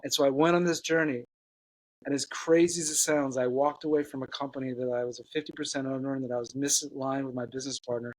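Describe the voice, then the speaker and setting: An earnest man tells a personal story as an interview guest. He speaks at a middle pitch, halting and restarting often. The sound is dry and close, with no room echo. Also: fairly even intonation.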